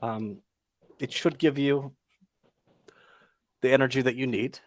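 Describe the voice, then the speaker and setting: A man's voice: mid-range voice, steady tone, unhurried, no room sound, voice pushed up, natural voice. A man voicing a haughty young woman in a tabletop game, in a put-on Irish accent. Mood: offhand. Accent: attempted Irish. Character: haughty young Vistani woman speaking for her sisters.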